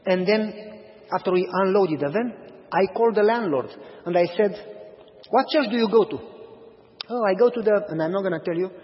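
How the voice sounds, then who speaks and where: A man preaching a sermon as pastor, telling stories with animated asides. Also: high-pitched. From Romania. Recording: dull lo-fi recording with long reverb.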